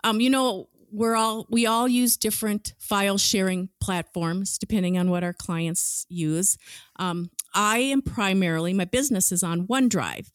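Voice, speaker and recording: An enthusiastic woman co-hosts a podcast, with a mid-pitched voice and easy conversational phrasing. She talks as if chatting with a friend. The recording is dry and close. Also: steady tone, normal speed, no echo. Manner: enthusiastic, laughs easily, conversational. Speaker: podcast co-host. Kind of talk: casual podcast chat.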